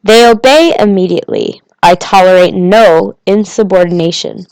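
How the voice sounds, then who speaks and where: A pompous yet kindly old king gives orders with great self-importance, voiced by a woman reading a storybook. The pitch sits in an ordinary middle range. A long reverb lingers in the room. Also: moderate pace, a little mellow, lightly acted. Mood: commanding.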